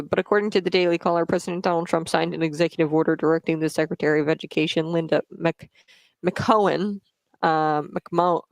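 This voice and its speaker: A woman's voice: low-pitched, gravelly, no room sound. A woman hosting a casual political commentary show, chatty and conversational, often checking in with "okay?" and sometimes stumbling over names. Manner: chatty, frequently tags "okay?".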